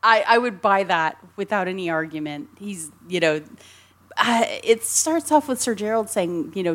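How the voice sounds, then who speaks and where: A woman talking about an old film in a loose, chatty way. Her voice sits at an ordinary middle pitch, and she giggles often and wanders through restarts as she builds her points. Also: moderate pace, fairly bright tone. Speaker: podcast co-host. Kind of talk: casual film discussion.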